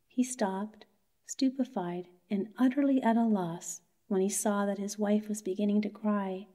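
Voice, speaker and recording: Soothing, mellow woman storyteller. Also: medium pitch, fairly even intonation. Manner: soothing, slow and soft. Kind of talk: bedtime story narration.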